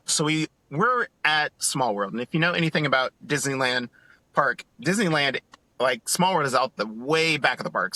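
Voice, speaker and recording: A man on a casual podcast, telling a story in an animated, excited way and acting out what others said. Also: a little high, no echo. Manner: animated, acts out quotes in other voices. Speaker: podcast co-host.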